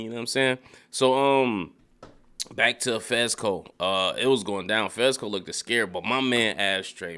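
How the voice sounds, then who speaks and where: A man casually recapping a TV episode, animated and profane, laughing often and mimicking characters in a high voice. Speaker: TV recap reviewer. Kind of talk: casual spoken show recap. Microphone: studio dynamic mic.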